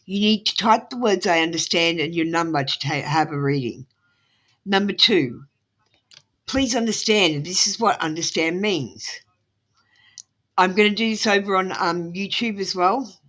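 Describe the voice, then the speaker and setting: A woman's voice: on the low side, unhurried, a bit bright. Australian woman giving tarot readings. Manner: rambling, apologetic, many ums. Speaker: tarot reader. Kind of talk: casual live-stream chat.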